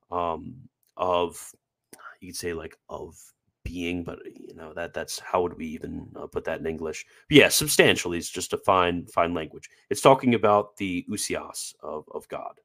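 Deep-voiced man explaining theology. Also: fairly bright tone. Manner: chatty, many fillers, self-deprecating about pronunciation. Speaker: host presenting theology quotes. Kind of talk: livestream commentary.

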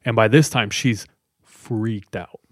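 A man's voice: fairly low pitch, slow, dry recording, clean studio sound. A man casually retelling a scary story to friends, chatty and loose, with lots of fillers. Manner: conversational, loose with many fillers.

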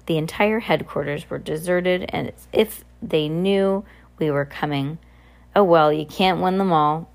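A woman reading aloud and voicing a hoarse, sinister bald bearded male villain who gloats and menaces. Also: sits low, a little slow. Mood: dismissive.

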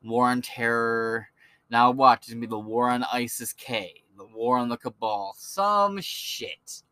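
A man's voice: mid-range voice, unhurried, sharp tone, clear, resonant tone, no echo. A man hosting a podcast, ranting in a blunt, crude and mocking way. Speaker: podcast host. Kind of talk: profane political rant.

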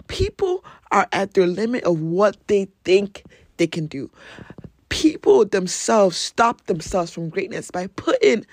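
A man's voice: sits high, no room sound. A young man with an African accent, hosting a motivational podcast monologue in a blunt, emphatic way and swearing for emphasis. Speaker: podcast host.

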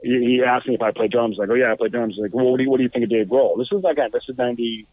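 A man who is a guest musician, telling stories casually, animated and halting, with restarts and swearing. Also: no room sound. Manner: animated, acts out quotes with raised pitch. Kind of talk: casual storytelling. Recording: tinny phone-like line.

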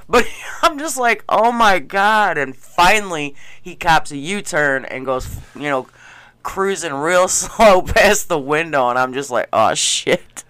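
A man telling stories in casual chat, animated and laughing often as he acts out what people said. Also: fairly high pitch, a little slow, smooth, dry recording. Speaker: gas station clerk.

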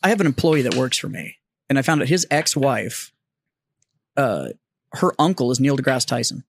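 A man's voice: medium pitch, animated, normal speed, a little hiss or hum. A man co-hosting a podcast, telling stories in casual chat, profane and self-deprecating. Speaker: podcast co-host.

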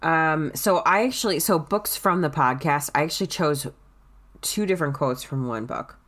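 A woman with a very low voice co-hosting a casual book podcast. She speaks softly, sighs often, and slows down to read favorite quotes aloud. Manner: soft-spoken, sighs and laughs, slow when reading. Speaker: podcast co-host.

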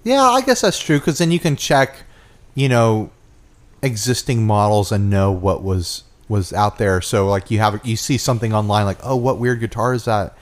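A man's voice: on the low side, expressive, normal speed. A man co-hosting a casual podcast chat, talking loosely with fillers and teasing his co-host. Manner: chatty, teasing, thinks aloud with fillers.

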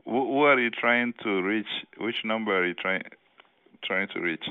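A low-voiced man answers the phone as a hotel desk clerk. His voice is smooth and clear, but he stammers through confused questions. The sound is tinny and narrow, like a phone line. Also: normal speed. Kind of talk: phone call.

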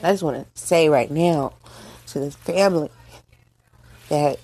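A middle-aged woman from the United States, hosting a casual monologue, speaking emotionally and haltingly with many fillers and restarts, tearful. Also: low voice, dark tone. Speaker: host. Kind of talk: casual monologue on current events.

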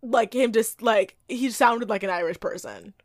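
A woman's voice: a little high, normal speed, no echo. A woman co-hosting a podcast, chatting casually and snarkily about a movie, laughing often. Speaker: podcast co-host recapping a movie. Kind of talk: casual chat.

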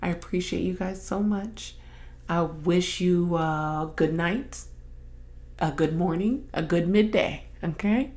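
A young adult woman hosting her own podcast, chatting casually and expressively, swearing and jumping high when acting out stories. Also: slow, a little mellow. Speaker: podcast host. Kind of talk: casual solo chat.

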